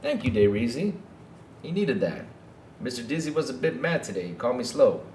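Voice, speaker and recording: A man's voice: medium pitch, very animated, a little fast, a little mellow, reverberant, a little hiss or hum. A man hosting a gaming podcast in a casual, mocking rant, often tacking "though" onto his sentences.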